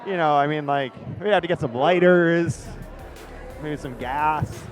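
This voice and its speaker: A man doing live play-by-play commentary, excitable and jokey. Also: a little high, a little slow, faint music behind.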